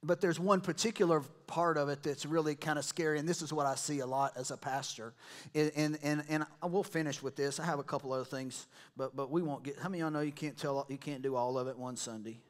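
A man's voice: fairly high pitch, steady tone, fast talker. A man preaching a sermon as a pastor in a church, talking to the congregation in a conversational way and acting out quotes from other people.

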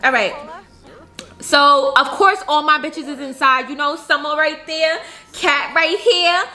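A woman's voice: high-pitched, fairly even intonation, measured pace, sharp tone. A woman casually commenting on her life-sim game in a chatty, slangy, giggly way. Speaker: gaming youtuber. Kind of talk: casual let's-play commentary.

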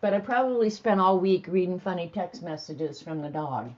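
A woman's voice: on the low side, animated, normal speed, darkish tone, lo-fi sound. A woman hosting a casual livestream, chatting to viewers and laughing easily as she reads funny bits aloud. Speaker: host.

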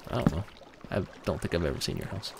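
A man's voice: low voice, sing-song, fast talker, creaky, background noise. A man playing along with friends, making dry teasing remarks. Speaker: co-player. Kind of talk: casual gaming chat.

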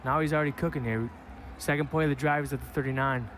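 A man with a Wisconsin accent giving casual, excitable commentary on a football video game match. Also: medium pitch, fast talker, slight background noise. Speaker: esports commentator.

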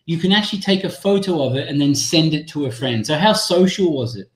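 A man's voice: on the high side, expressive, fairly quick. A man presenting a live teacher-training webinar, chatty and apologetic, thinking aloud as he demos an app on a video call. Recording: echoey room sound.

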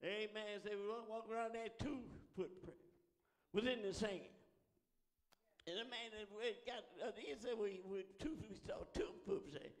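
A man's voice: sits high, normal speed. A man, preaching a sermon as pastor, calling out to the congregation and often asking "huh?" in a call-and-response style. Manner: preaching with rising calls and repeated "huh?". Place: church sanctuary. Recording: long church reverb.

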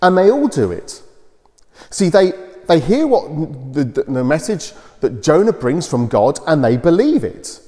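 A man giving a children's talk at church, retelling a Bible story in simple, animated storytelling style. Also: a little high, measured pace. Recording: long church reverb.

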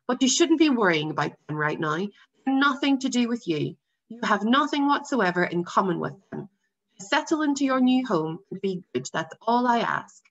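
A cold, measured father figure from a storybook, quiet but firm and used to having his way, as a woman reader puts him on. The voice has a gravelly edge, and the recording sounds dull and lo-fi. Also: fairly high pitch, big pitch swings, pitched above the performer's own voice. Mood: dismissive. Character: stern quiet German commandant father, middle-aged.

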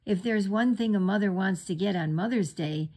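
A woman's voice: medium pitch, normal speed, darkish tone, slightly rough, natural voice. A woman reading aloud and voicing Rabbit, a fussy, know-it-all male rabbit from a storybook. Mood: bossy.

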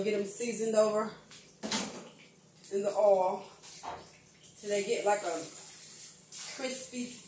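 Her mid-range voice has a darkish tone and a bit of hiss or hum behind it. An older woman cooks in her home kitchen for a casual vlog, chatting with y'all viewers, recorded from afar in an echoey space.

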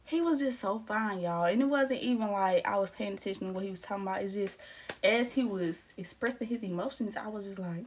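A woman's voice: medium pitch, a little fast, slight background noise. A young adult woman telling a storytime vlog in casual, slangy chat, laughing often and acting out the quotes. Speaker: storytime vlogger.

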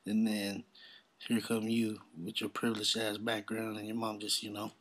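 A man's voice: on the low side, completely flat delivery, moderate pace, a little hiss or hum. A man hosting his own podcast, ranting in a blunt, profane, heated way and mocking others in exaggerated voices. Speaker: podcast host. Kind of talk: casual solo podcast rant.

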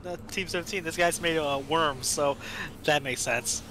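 Bright-voiced easygoing man. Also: a little high, moderate pace, a little hiss or hum, poor audio. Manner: easygoing, rambling with fillers. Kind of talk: casual gaming chat.

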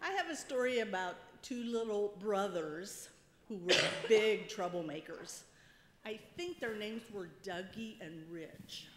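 A woman's voice: mid-range voice, lively intonation, unhurried. A woman casually telling a funny story to a church congregation. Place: church sanctuary. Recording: echoey church hall with clear background noise.

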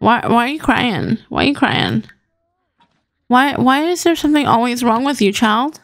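A chatty young woman narrates her gameplay and coaxes her characters along. Her voice sits a little high and swoops through a lively, animated range. The sound is dry and close, with no room echo. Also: moderate pace, creaky. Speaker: gaming channel host. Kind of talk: casual gameplay commentary.

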